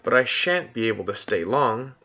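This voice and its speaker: A man's voice: medium pitch, big pitch swings, moderate pace, pushed and bright, slight background noise. Casting note: a man doing a polite, earnest little girl for a storybook reading, slightly puzzled, on a dull lo-fi recording. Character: polite curious young girl.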